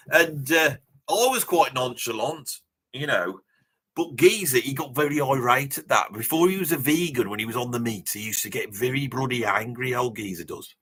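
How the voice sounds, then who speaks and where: A man's voice: mid-range voice, pushed and bright, breathy edge, full character voice. A man with a Birmingham accent voicing a boastful older rocker who rambles through tall tales in a comic live reaction, full of asides and mock indignation. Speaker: live reaction streamer in character.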